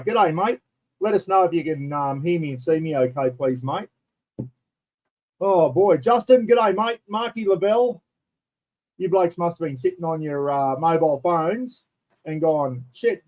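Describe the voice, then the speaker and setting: A man's voice: on the high side, dark tone, rough recording. An older Australian man hosting a casual live stream from home, chatting loosely and greeting viewers by name over a built-in computer mic. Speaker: livestream host. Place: indoors at home. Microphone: computer's built-in microphone.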